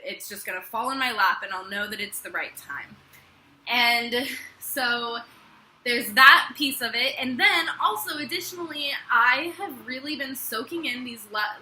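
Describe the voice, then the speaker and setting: A woman's voice: on the high side, bright, forceful tone. A young woman telling a personal story to the camera in a casual, chatty way, with lots of filler words. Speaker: vlogger. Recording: echoey room.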